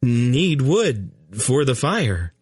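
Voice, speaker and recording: A man's voice: mid-range voice, big pitch swings, drawn-out words, a little mellow, slightly rough, dry recording, studio quality, voice pushed up, exaggerated voice. A man voicing a panicked young king and expectant father who blurts single words. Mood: flustered. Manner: blurts single words, wide-eyed and eager. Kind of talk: audiobook character voice.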